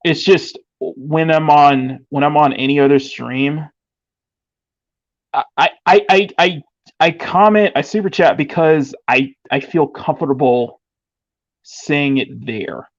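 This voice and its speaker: A man's voice: fairly high pitch, slow, no room sound, muffled recording. A man streaming, chatting casually and stuttering often as he restarts his sentences. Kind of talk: casual chat on a live stream.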